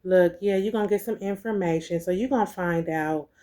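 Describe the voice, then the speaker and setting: A woman's voice: fairly low pitch, brisk, mellow. Woman tarot reader, swears freely, repeats lines, calls everyone baby. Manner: profane, emphatic, repeats herself; calls listeners baby and collective. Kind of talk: spiritual tarot reading to viewers.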